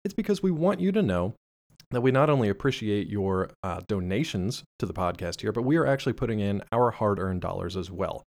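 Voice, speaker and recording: A man's voice: lowish voice, very animated, brisk, creaky, a little mellow. A man with an Eastern Pennsylvania accent co-hosting a podcast, chatting casually in an upbeat, jokey, rambling way. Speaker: podcast co-host.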